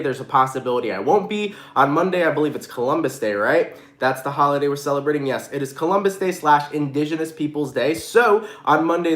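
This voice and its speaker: A man's voice: on the high side, fairly bright tone, reverberant. A man with a stuffy, congested nasal voice, giving a casual, slangy tarot reading straight to his viewers. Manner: hyped, slangy, addresses viewers directly. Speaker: tarot reader.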